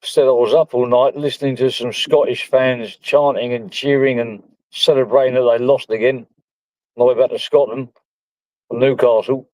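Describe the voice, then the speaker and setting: A man's voice: mid-range voice, fairly even intonation, normal speed, a little mellow, no echo, rough recording. Rambling man in a dry, close chat. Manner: rambling, profane storytelling. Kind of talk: casual group chat.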